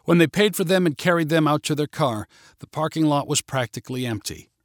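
A man narrating a story in a steady, plain reading manner. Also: fairly high pitch, brisk, no echo, studio quality.

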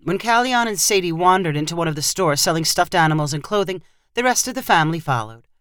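A woman narrating a short story in a measured, even read. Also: fairly low pitch, no room sound, clean studio sound. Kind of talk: scripted narration.

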